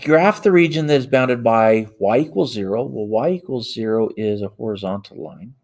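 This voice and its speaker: At a normal speed, a man with a lowish, slightly mellow voice teaches math through worked problems. He speaks aloud while typing into a calculator, correcting himself step by step.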